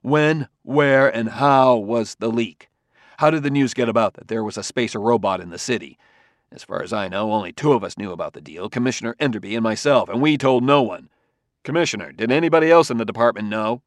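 A man playing a suspicious male police detective who talks in a forceful, intense, accusing way. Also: mid-range voice, a little fast, no room sound, natural voice. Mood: heated.

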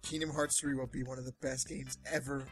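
A man reads gaming news on a casual podcast at a rapid clip, breaking into excited riffs and swearing. His delivery is jokey and loose, with faint music playing underneath. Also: mid-range voice, poor audio.

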